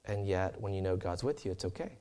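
A man's voice: sits low, expressive, a little fast, warm tone. Chatty storytelling male preacher. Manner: conversational, storytelling, many fillers and restarts. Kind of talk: sermon.

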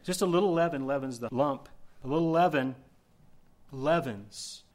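A man preaching a sermon as pastor, telling a story with animated swings between loud emphasis and hushed asides. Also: fairly high pitch, moderate pace.

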